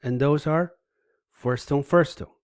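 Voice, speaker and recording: A man's voice: on the high side, takes it slowly, clear, resonant tone, no room sound, clean studio sound. A man giving an online language lesson, patiently demonstrating tones by humming and repeating sing-song syllables, often checking in with "right?". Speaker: language teacher.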